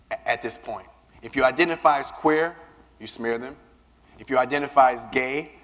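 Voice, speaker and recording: Animated man speaking in a reverberant hall. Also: medium pitch. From Southern United States. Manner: animated, acts out quoted voices, repeats words when starting a line. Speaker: keynote speaker. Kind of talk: personal storytelling speech. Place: large conference hall.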